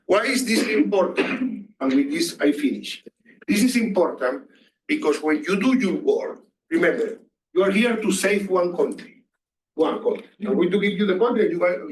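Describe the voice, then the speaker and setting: A high-voiced male lecturer gives a classroom lecture, questioning his students and repeating himself and his phrases. The recording is echoey, roomy and distant.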